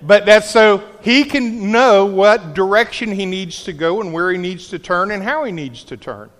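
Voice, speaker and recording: A man's voice: high-pitched, moderate pace, fairly bright tone. A middle-aged man preaching a sermon, telling a story with jokey asides. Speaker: pastor. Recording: large hall with long reverb.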